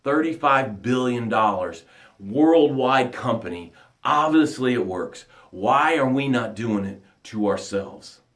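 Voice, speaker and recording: A man giving a motivational talk as a coach, emphatic, swinging from loud bursts to hushed lines. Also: medium pitch, animated, slow, roomy sound.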